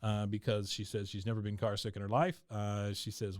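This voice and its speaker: A man's voice: fairly low pitch, level tone, a little fast, darkish tone, no echo, clean studio sound. A man hosting a podcast, casually recapping an episode with lots of filler sounds and chuckles. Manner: rambling, many filler sounds, chuckles often. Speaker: podcast host.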